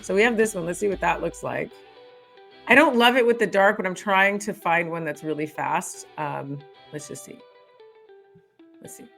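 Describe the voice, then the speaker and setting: A woman's voice: lowish voice, moderate pace, vocal fry, fairly bright tone, soft background music. A woman hosting a casual editing tutorial, thinking aloud as she works and laughing often. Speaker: host.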